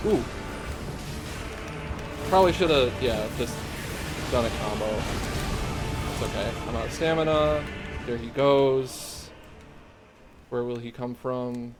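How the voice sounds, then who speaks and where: A young man streaming a game live, chatting casually with lots of swearing and giggling while he plays. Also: medium pitch. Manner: casual, profane, giggly banter. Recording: game music clearly behind voice.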